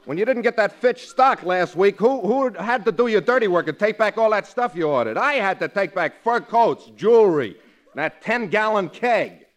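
A man's voice: sits high, animated, moderate pace. An actor playing a cocky, wisecracking male sidekick in a 1940s radio comedy. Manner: cocky, needling, jokey. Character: wisecracking brash male sidekick, a loafing secretary. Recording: old radio broadcast.

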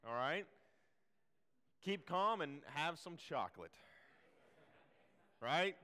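A man's voice: on the high side, animated, slow, long pauses, sharp tone, big-room sound. A man preaching a sermon in a casual, chatty way, full of fillers and restarts.

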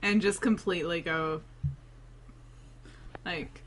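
A woman co-hosts a casual podcast chat, recounting scenes slowly and deliberately. Her voice sits in a middle pitch at a very unhurried pace. Faint noise hums behind her. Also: lively intonation, fairly bright tone. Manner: slow, drawn-out storytelling, quotes scenes. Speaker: podcast co-host.

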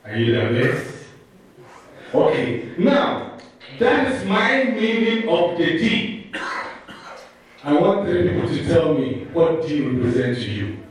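A man teacher giving a lively talk to a live audience, playfully calling on people and leading call-and-response. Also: sits high. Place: large room with an audience. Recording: echoey room, mic far off.

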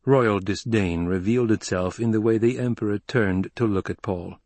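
Male narrator, husky, dry close sound, steady read. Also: on the low side, moderate pace, no room sound. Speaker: audiobook narrator. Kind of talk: scripted narration.

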